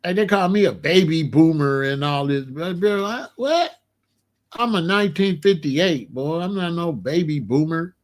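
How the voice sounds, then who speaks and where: A man in his sixties giving a rambling comedic monologue as host, telling stories with animated disbelief and laughter. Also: fairly high pitch, normal speed, few pauses. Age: 60s. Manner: animated, incredulous storytelling with laughs.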